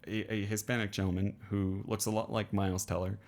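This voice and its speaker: A man's voice: lowish voice, flat delivery, brisk, darkish tone. A young man co-hosting a podcast, chatting casually about a film and rambling with many restarts. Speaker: podcast co-host. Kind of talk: casual film review chat.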